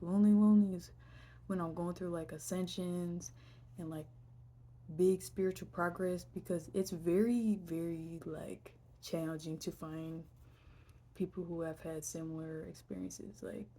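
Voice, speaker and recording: A young adult woman talking casually and reflectively in a personal vlog, often trailing into whispers and filling pauses with "like". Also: fairly low pitch, dark tone, slightly rough. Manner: reflective, heavy use of fillers, drifts into whispers. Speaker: vlogger.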